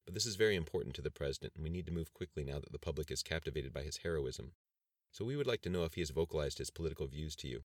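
A man's voice: extremely low pitch, expressive, rapid-fire, dry recording, studio quality. A man voicing an earnest male government agent in an audiobook, urgent and official.

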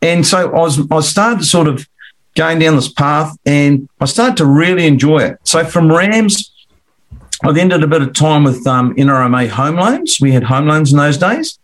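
A man's voice: a little high, expressive, moderate pace. A middle-aged Australian man telling his career story as a guest, rambling and repeating words as he acts out conversations. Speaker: commercial finance broker guest. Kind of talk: casual storytelling interview.

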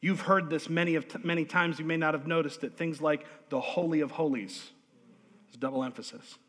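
A male pastor delivers a sermon with emphatic repetition and frequent calls of amen. His voice sits a little high for a man. He shifts between loud, driving emphasis and quiet asides, and a long hall reverb trails every phrase. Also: fairly even intonation, brisk. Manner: emphatic preaching with repeated words and calls of amen. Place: church sanctuary.

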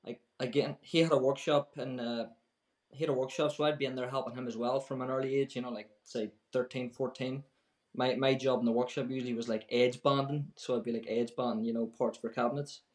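A man from Northern Ireland talks casually about his background, with a clear Northern Irish accent. He rambles a little with fillers, relaxed and unhurried. His voice sits in a noticeably echoey room. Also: medium pitch. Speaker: podcast guest, carpenter. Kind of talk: casual chat.

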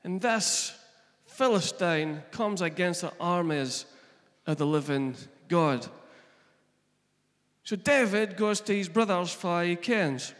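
A man's voice: sits high, takes it slowly, a bit bright. A man with a Scottish accent preaching a sermon, retelling scripture in plain everyday speech. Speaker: pastor. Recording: long echo of a large hall.

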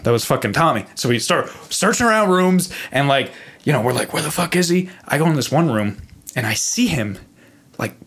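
A man's voice: mid-range voice, a bit bright, breathy edge. Casual swearing young man telling a story. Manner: rambling, profane, lots of fillers. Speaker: podcast guest.

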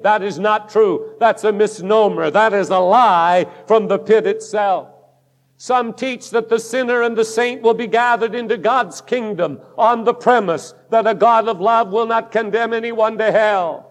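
A man's voice: high voice, big-room sound. A man preaching a sermon as pastor, emphatic and declaiming, quoting scripture with force.

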